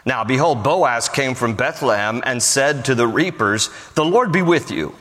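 A man's voice: mid-range voice, lively intonation, normal speed, fairly bright tone. A man preaching a sermon, joking conversationally and telling the story with plenty of animation. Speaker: pastor. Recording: hall reverb.

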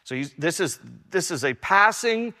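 Older man, pastor preaching, earnest repetition, bright voice, long hall reverb. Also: sits high, animated, moderate pace. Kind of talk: sermon.

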